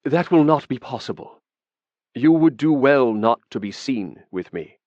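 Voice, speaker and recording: A man voicing a dangerous male elf who speaks pleasantly, low and weary. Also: expressive, a little slow, darkish tone, no room sound, muffled recording, lightly acted. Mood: cool. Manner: pleasant but menacing, low-voiced.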